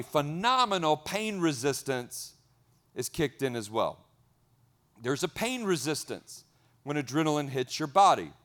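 A man preaching a sermon as a pastor, energetic, repeating key words and swinging between loud and soft. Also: a little high.

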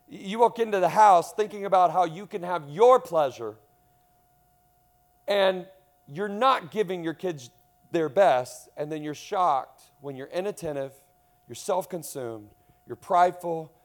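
A pastor preaches to his congregation in a high, animated voice at a measured pace. He swings between loud emphasis and hushed tones and puts questions to the room.

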